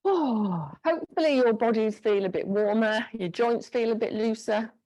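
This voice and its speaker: A woman's voice: fairly high pitch, moderate pace, darkish tone. Chatty woman leading an exercise class. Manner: encouraging, chatty cueing of moves. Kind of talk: live online exercise class instruction. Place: home room with a squeaky floor. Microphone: clip-on mic pack.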